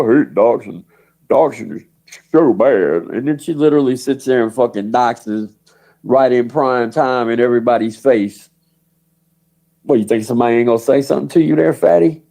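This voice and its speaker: A man runs a profane livestream rant, taunting absent people by name and laughing between jabs. His voice sits a touch high and carries a rough, gravelly fry. He is casual and scornful, heavy on cursing. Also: a little mellow, rough recording. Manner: mocking, cursing, laughs often between lines. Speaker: livestream host.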